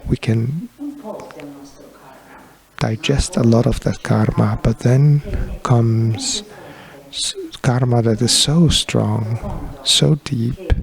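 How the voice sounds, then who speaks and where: A man gives a sermon in translation, recounting stories at a slow, deliberate pace. His voice has a gravelly, creaky edge and sits at a middle pitch. He pauses often between phrases. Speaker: interpreter giving a sermon.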